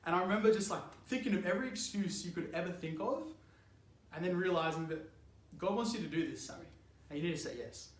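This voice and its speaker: Young male youth speaker, casual and animated, high voice, echoey room. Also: quick pace. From Australia. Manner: animated, chatty, laughs often, lots of "like". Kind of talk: youth sermon, casual storytelling.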